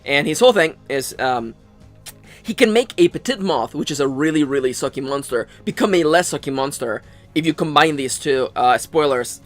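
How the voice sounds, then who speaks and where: A man hosting a casual let's play, rambling and sarcastic, swearing and tripping over his words. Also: mid-range voice. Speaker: gaming channel host.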